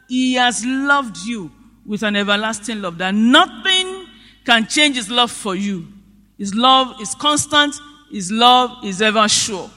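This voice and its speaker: A man preaches with a high, bright, forceful voice, telling a story and firing rhetorical questions. His emphasis swells in sudden bursts. The sound rings with the long reverb of a large church hall. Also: lively intonation, unhurried. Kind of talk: sermon.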